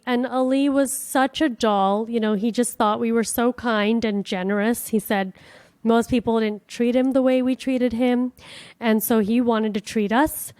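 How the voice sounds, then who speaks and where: A woman from the United States hosting a podcast, telling a travel story in a chatty, animated way with casual swearing. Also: on the high side, clean tone, no room sound. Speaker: podcast host.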